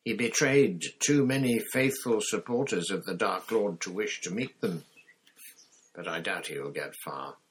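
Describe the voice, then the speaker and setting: A man voicing a gruff menacing old wizard. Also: a little hiss or hum, natural voice. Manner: gruff, low and deliberate. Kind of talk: audiobook character voice.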